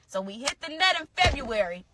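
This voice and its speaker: A young adult woman telling a personal story in a casual, animated way to her followers. She repeats phrases for emphasis. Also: sits high, a little fast, background noise. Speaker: storyteller in a social media clip.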